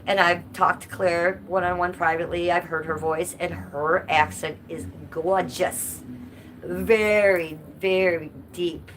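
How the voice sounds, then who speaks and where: Woman live streamer, slightly low voice, casual chat with viewers, noisy background. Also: flat delivery, a little slow, hardly any pauses, fairly bright tone. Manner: chatty, reads chat aloud and answers viewers.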